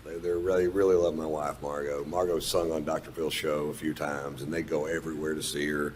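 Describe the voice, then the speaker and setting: A man's voice: very deep voice, flat delivery, brisk, slight background noise. A man telling a long stand-up story in a laid-back, profane, drawling way. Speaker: stand-up comedian. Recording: played stand-up clip.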